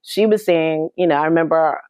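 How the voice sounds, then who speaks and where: A woman's voice: deep voice, fairly quick, a little mellow, dry recording, clean studio sound. A woman as an interview guest, recounting her experiences earnestly and with emotion, often restarting her sentences. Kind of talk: personal storytelling in a podcast interview.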